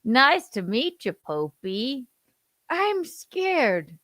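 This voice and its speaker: A woman voicing a mocking, sneering impression of a male politician, pushed higher and louder than her own voice. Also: sing-song, very slow, dry recording, full character voice. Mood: mock-sinister.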